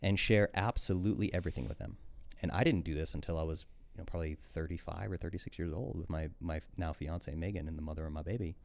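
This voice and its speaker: A man's voice: deep voice, quick pace, creaky, darkish tone. A man in his thirties, a podcast guest and coach, talking candidly and intensely, swearing freely. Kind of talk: candid conversational monologue.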